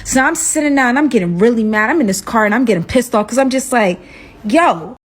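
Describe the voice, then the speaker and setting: A woman's voice: fairly high pitch, quick pace, poor audio. A young woman casually telling a dramatic personal story, acting out the dialogue as she goes. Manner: animated, dramatic retelling with acted-out dialogue.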